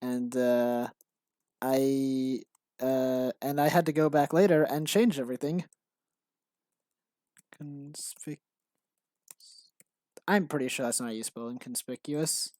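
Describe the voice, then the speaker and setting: A man's voice: medium pitch, slow, pauses often, a little mellow, no echo. Rambling man on a dry mic. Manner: rambling, self-interrupting, frequent fillers and restarts. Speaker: streamer and game developer. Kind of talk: casual live-stream commentary.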